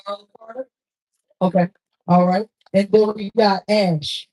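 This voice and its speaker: A woman's voice: mid-range voice, fairly even intonation, measured pace, dark tone, rough recording. A woman hosting a live poetry show on stage into a handheld mic, with loose, profane banter and frequent laughs. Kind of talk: casual live emcee banter.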